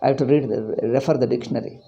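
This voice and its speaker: A man's voice: medium pitch, racing, gravelly, mellow, highs cut off. A man with an Indian English accent teaching a Sanskrit class, ranting with emphasis and then going through word meanings. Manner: explaining word meanings one by one. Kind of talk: informal class lecture.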